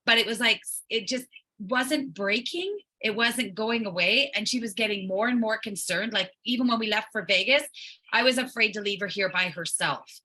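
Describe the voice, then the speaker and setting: A woman's voice: mid-range voice, normal speed, sharp tone, low-quality recording. A woman on an online call telling a chatty story with many fillers. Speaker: guest sharing a testimonial.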